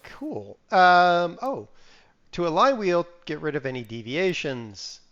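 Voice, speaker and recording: A slightly high-pitched man talks slowly through a live game stream, mumbling to himself and then jumping into sudden exclamations, with a pitch that swings widely. He sniffles now and then. The stream audio sounds a little muffled and lo-fi. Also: sing-song, fairly bright tone. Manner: chatty, muttering to himself while playing, with sudden exclamations. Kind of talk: casual live-stream commentary.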